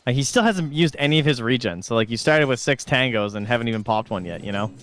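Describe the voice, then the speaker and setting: Canadian male color commentator, rapid casual delivery, mid-pitched voice. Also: lively intonation, fairly bright tone. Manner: fast, casual, lots of "like" and "dude". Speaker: esports analyst.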